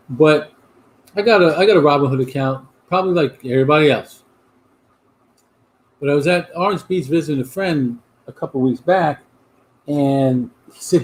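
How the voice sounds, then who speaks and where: A middle-aged man, his voice sitting a touch high for a man. He hosts a casual livestream chat, rambling from one thing to the next and answering viewer comments as he goes. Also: a little hiss or hum. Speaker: host of a livestream chat show.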